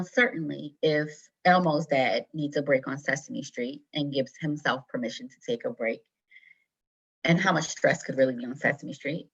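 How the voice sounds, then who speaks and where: A low-voiced woman leads an online wellness workshop. She talks casually and reassuringly, full of fillers. Her computer mic sounds a bit dull. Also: husky. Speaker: teacher running a wellness workshop. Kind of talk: online presentation.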